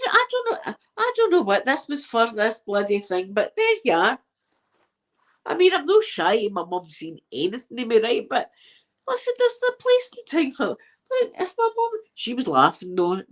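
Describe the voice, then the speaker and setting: Animated Scottish woman telling stories. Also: mid-range voice. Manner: animated, swearing, laughing at own stories. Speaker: ASMR channel host. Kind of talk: casual anecdote telling.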